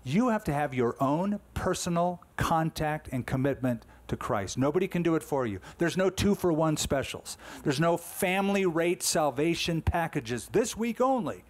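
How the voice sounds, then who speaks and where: Man in his sixties, pastor preaching, emphatic and conversational, slightly high voice. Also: lively intonation, normal speed, few pauses. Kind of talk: sermon.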